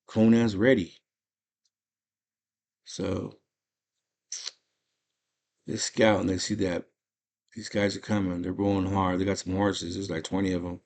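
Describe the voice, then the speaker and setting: A man's voice: low-pitched, flat delivery, a little slow, vocal fry, long pauses, a little mellow. A man casually recapping a movie in slangy, enthusiastic storytelling. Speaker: movie channel host.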